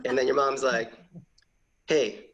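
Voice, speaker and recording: A man's voice: on the high side, normal speed, lo-fi sound. A man doing a chatty stand-up set over a video call, acting out little voices in his bits. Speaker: stand-up comedian.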